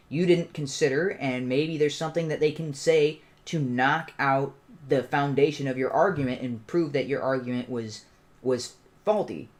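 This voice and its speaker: A man hosting a livestream, giving an impassioned, argumentative commentary monologue. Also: medium pitch. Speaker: channel host.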